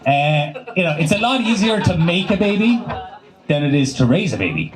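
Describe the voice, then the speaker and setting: A man's voice: sits high, sing-song, low-quality recording. An Irish comedian in his young adult years telling a loose, swearing stand-up story at an open mic. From Ireland. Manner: loose, swearing storytelling with quick voiced asides. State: dry throat. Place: small cafe at an open mic. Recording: live room with crowd. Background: crowd laughing.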